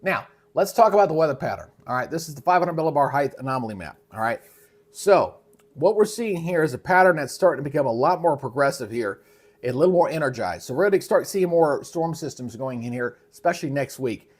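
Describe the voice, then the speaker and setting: A male meteorologist hosting a live weather briefing in a casual, conversational way, with a frog in his throat that keeps him clearing it. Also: a little high, expressive, brisk. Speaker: meteorologist host.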